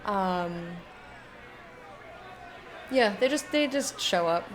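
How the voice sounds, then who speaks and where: A woman's voice: medium pitch, animated, extremely slow, a faint crowd, a little hiss or hum. A woman streaming a game in casual chat, giggly and loose and swearing now and then as she talks with her viewers.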